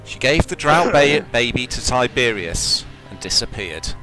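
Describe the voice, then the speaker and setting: A game master with a mid-pitched voice runs a tabletop session from home, narrating in a steady, measured way and shifting smoothly into rules discussion. The recording is low quality, with faint music in the background.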